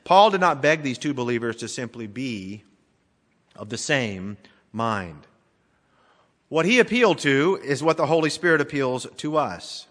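A middle-aged male pastor preaching a sermon in a church, dramatically swinging between emphatic and hushed delivery. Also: mid-range voice, sing-song, unhurried. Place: church sanctuary. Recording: long reverb of a large church hall.

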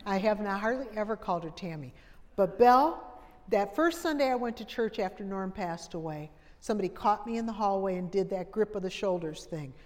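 At a women's conference, a middle-aged woman gives a conversational talk, folksy and funny, speaking straight to the audience. Her ordinary-pitched voice is animated and fairly quick, and the large hall leaves a long reverb trailing behind her words.

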